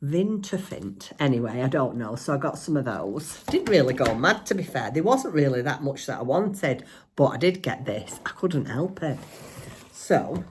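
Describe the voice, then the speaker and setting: A woman's voice: very deep voice, lively intonation, moderate pace, a little mellow, a little hiss or hum. An older woman and grandmother chatting casually on her vlog, showing off a shopping haul, giggly and teasing. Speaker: crafting vlogger.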